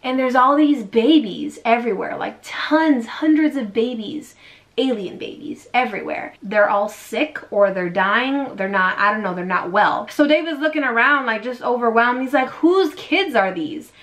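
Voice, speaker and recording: A woman's voice: on the high side, animated, moderate pace, a bit bright. A woman vlogger casually retelling a strange story, sassy and slangy, acting out the quotes.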